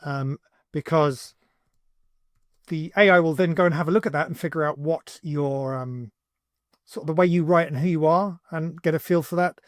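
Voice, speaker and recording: Relaxed man walking through a tutorial. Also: fairly high pitch, normal speed, no echo, clean studio sound. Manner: casual, relaxed, thinks aloud with fillers while typing. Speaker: tutorial host, agency owner. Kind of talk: screen-recorded software tutorial.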